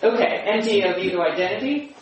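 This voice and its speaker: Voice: mid-range voice, expressive. A speaker sharing personal reflections in a spiritual group discussion, searching for words and often restarting. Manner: searching, halting, with many restarts. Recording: echoey room, distant mic, faint hum.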